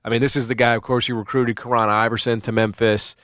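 A man's voice: medium pitch, level tone, quick pace, a bit bright, dry recording, studio quality. A middle-aged man hosting casual sports talk, rambling with many restarts and fillers.

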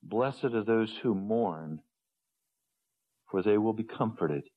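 Man preaching a sermon, slow and earnest, goes quiet and low then pleads, kinda muffled recording. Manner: earnest, wide swings between low hushed and raised pleading tones.

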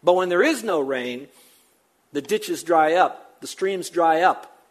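A man's voice: fairly high pitch, animated. Emphatic older male preacher. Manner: emphatic, with fast repeated phrases and sudden drops to a hush. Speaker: pastor. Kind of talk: sermon.

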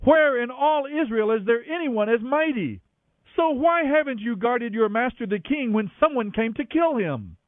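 A man puts on a young warrior whose voice climbs high and bold as he argues and pleads. It comes through a narrow, tinny phone-like radio line with a dry, close sound. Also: animated, normal speed, no room sound. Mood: taunting. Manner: impassioned, raised declamation.

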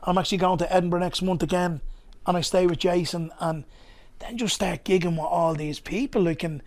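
Guesting on a podcast, a Dublin-accented comedian from Ballymun, Ireland, spins conversational stories in a loose, rambling way full of asides. His voice sits high and a little mellow, fairly even in intonation and a little fast.

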